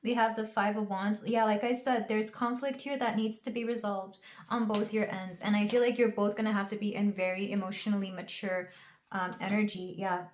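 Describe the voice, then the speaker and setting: A woman's voice: medium pitch, steady tone, fairly quick, slight background noise. A young woman doing a casual tarot reading to camera, talking in an emotional, rambling way with many fillers and restarts. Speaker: tarot reader. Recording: roomy echo.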